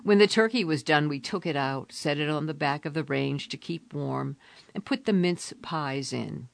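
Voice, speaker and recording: Audiobook narrator: a woman with a low, gravelly voice, reading with expression. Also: normal speed, no room sound.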